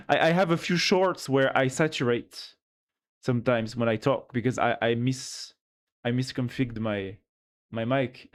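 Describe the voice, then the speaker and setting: Streamer through a pitch-down voice changer. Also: male voice. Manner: rambling, many restarts, reads chat aloud. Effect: voice changer lowering the pitch. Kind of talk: casual live-stream chat about gear. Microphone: studio mic on a boom arm.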